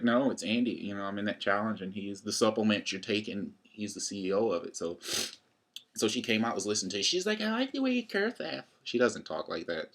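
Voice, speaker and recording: A young man in his twenties with a deep, gravelly voice rambles chattily to the camera, packing his talk with fillers. He's a college student vlogging his way through a fitness challenge.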